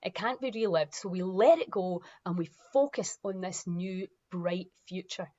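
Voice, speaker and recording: A woman's voice: fairly low pitch, moderate pace, dark tone, muffled recording. A woman, founder of a wellness movement, talking emphatically and animatedly, sometimes acting out other people's voices. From Scotland. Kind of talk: impassioned motivational talk.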